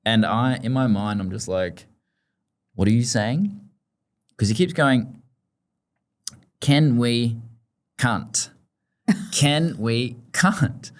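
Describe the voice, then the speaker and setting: A man hosting a casual podcast interview, telling a relaxed, laughing story about parenting. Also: medium pitch, takes it slowly, pauses often. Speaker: podcast host.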